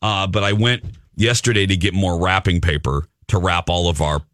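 A man's voice: low voice, steady tone, moderate pace, a bit bright, no echo. A man hosting a morning radio show, telling self-mocking stories in casual studio chat. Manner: chatty storyteller, self-mocking.

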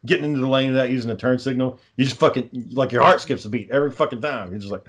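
A man's voice: medium pitch, very fast. Rambling, swearing podcast co-host man. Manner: rambling explanations, frequent swearing and fillers. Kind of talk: casual chat.

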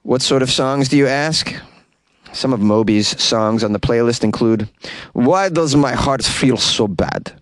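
A man's voice: mid-range voice, measured pace, dry recording. A man hosting a solo comedy news podcast, rambling, stumbling over foreign names and chuckling at his own jokes, recorded in a closet.

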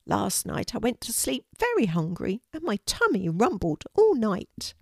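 A woman doing a high plaintive pigeon. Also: huge pitch swings, a little slow, gravelly, no echo, clean studio sound, full character voice. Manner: gentle, plaintive, grateful. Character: hungry, polite small male city pigeon. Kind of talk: storybook reading.

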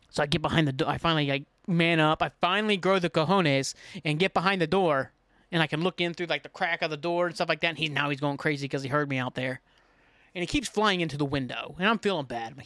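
A man's voice: fairly high pitch, fast, dry recording. A man hosting a podcast, telling a funny story alone in a casual way, swearing and mocking himself. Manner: animated, swearing, self-mocking, acts out his own panic. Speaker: podcast host.

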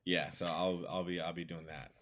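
A man speaking as a podcast guest in casual chat, animated, with lots of fillers and some swearing. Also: sits low, moderate pace.

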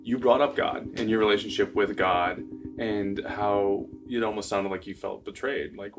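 Low-voiced man asking gentle questions. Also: steady tone, normal speed, distant mic, soft background music. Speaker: interviewer. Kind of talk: interview questions.

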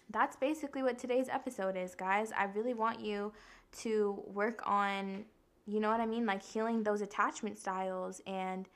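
A woman's voice: mid-range voice, creaky, a bit bright. A young woman hosting a casual self-help podcast, blunt and profane, talking straight to her listeners and acting out the voices she quotes. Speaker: podcast host.

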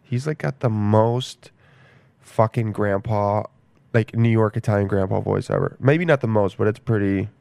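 Rambling, swearing young man with a gravelly voice. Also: fairly low pitch, moderate pace, warm tone, dry recording. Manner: rambling, profane, self-mocking. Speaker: podcast host. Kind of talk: casual monologue.

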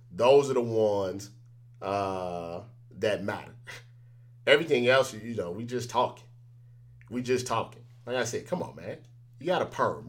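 A man's voice: mid-range voice, pushed and bright. A man as an interview guest, chatting casually and telling stories animatedly, acting out the exchanges he quotes.

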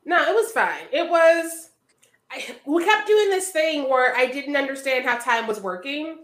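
A woman co-hosting a casual movie podcast, wry and quick to laugh, acting out quotes as she talks. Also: sits high, lively intonation, fairly bright tone, roomy sound. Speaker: podcast co-host. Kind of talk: casual film discussion.

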